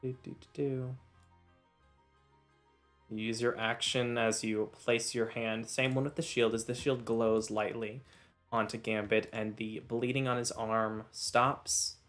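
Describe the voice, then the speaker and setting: A man runs a tabletop game, describing the combat and pausing to explain rules with plenty of uhs. His pitch sits in the ordinary middle. Faint music plays behind him. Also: little pitch movement, fairly bright tone. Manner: explains rules patiently, many filler uhs. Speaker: game master. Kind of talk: narrating and refereeing a tabletop game.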